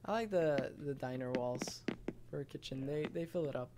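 A man casually commenting as a gaming streamer in an excitable, chatty way, reading and answering chat. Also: medium pitch, normal speed, background noise. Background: loud music.

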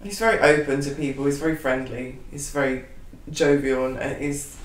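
A woman chatting casually as co-host, telling animated stories and laughing at herself. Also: very deep voice, normal speed. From Britain. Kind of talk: casual chat. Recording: echoey room, mic at a distance.

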